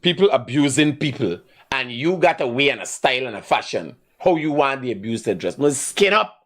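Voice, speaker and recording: A man's voice: medium pitch, brisk. A man with a Guyanese Creole accent hosting a live stream, ranting and laughing in loose, rambling commentary. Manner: animated, ranting, bursts of laughter. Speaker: livestream host.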